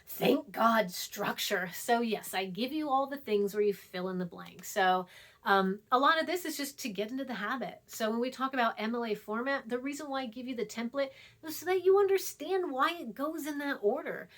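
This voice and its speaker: A woman's voice: a little high, normal speed. Chatty, emphatic woman instructor. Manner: chatty, emphatic, repeats herself, asides in a hushed voice. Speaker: college writing instructor. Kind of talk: recorded online lecture.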